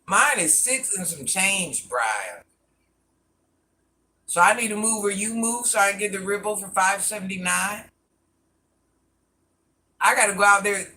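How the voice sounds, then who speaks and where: A man's voice: sits high, animated, measured pace, long pauses, pushed and bright. A man rambling through a casual live stream, answering viewer comments and talking to people off camera in a folksy way.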